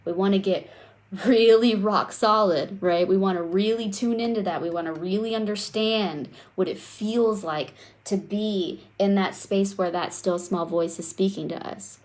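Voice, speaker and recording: A young adult woman giving a live coaching talk on self-worth, speaking straight to her viewers in a lively, conversational way. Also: mid-range voice, unhurried. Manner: animated, conversational, addresses viewers directly.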